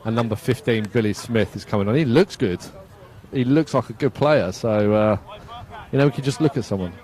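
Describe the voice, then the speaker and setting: A man's voice: mid-range voice, a little fast, a little mellow. A man from England giving casual, self-mocking live commentary at an outdoor football match, laughing often and reading out viewer comments.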